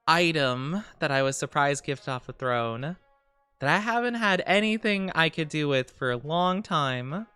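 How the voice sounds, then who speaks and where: A woman's voice: low voice, fairly bright tone, clear, resonant tone. A woman streamer chatting casually with her live chat, giggling often and trailing off with fillers.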